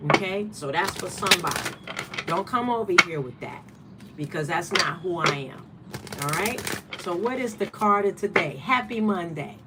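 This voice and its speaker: A woman's voice: mid-range voice, noisy background. A woman from Michigan hosting a card-of-the-day livestream, talking bluntly and repeating her points for emphasis. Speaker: spiritual card reader, channel host. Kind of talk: casual livestream talk.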